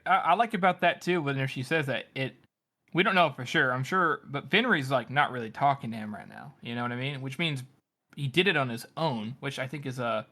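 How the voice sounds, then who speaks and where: A man co-hosting a podcast, joining the book discussion with quick, halting remarks. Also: mid-range voice, bright, forceful tone. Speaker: podcast co-host. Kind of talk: casual book-discussion chat.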